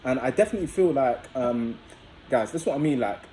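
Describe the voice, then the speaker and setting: A young man with a mellow, darker voice tells a personal story straight to his viewers. His delivery is chatty and loose, full of fillers, and he keeps calling his audience "guys." The voice sits at an ordinary pitch, and a faint noise hums behind it. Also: lively intonation, brisk, poor audio. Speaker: vlogger. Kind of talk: casual storytelling to camera.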